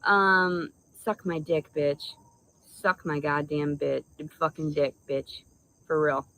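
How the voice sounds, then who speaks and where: A woman's voice: deep voice, fairly even intonation, takes it slowly, sharp tone, low-quality recording. A woman delivering an angry, profanity-laden vlog rant, insulting and rambling. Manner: furious, insulting, stream-of-consciousness. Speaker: vlogger.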